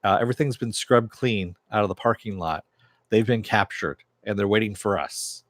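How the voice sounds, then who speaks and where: Man, lowish voice, dry close sound, casual episode recap, rambling with fillers. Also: normal speed, a bit bright, no echo. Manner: retells scenes loosely, with many fillers and quoted dialogue. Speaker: TV show reviewer.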